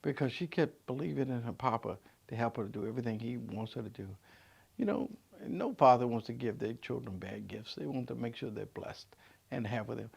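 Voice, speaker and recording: A man in his sixties, a pastor giving a vlog sermon, conversational with stammered restarts, swinging from loud emphatic peaks to soft low asides. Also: a little fast, creaky, slightly rough.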